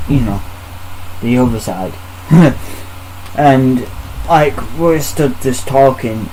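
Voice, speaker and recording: A man on a podcast recounts a story in a loose, chatty way. He talks bluntly, swears often and slips into the voices of the people he quotes. His voice sits at an ordinary middle pitch for a man. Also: darkish tone, a little hiss or hum, low-quality recording. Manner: blunt, heavy swearing, acts out quoted exchanges. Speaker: podcast host. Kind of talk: casual storytelling chat.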